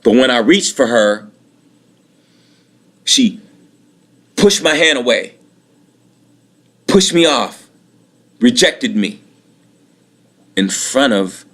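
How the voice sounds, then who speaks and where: A man's voice: mid-range voice, fairly bright tone. A man in his late thirties giving a bitter, aggrieved personal monologue, repeating himself and swearing often. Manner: bitter, aggrieved, repetitive, profane.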